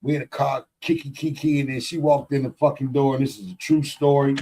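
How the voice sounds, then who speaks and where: A middle-aged man co-hosting a podcast, telling stories in blunt, profane, animated casual chat. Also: mid-range voice, a little fast, rough recording. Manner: blunt and emphatic. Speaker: podcast co-host.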